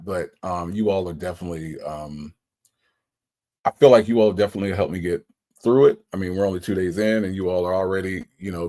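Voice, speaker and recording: A man's voice: low voice, warm tone. A man hosting a livestream, emotional and repeating his thanks to viewers again and again. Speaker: livestream host. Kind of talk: casual livestream shout-outs.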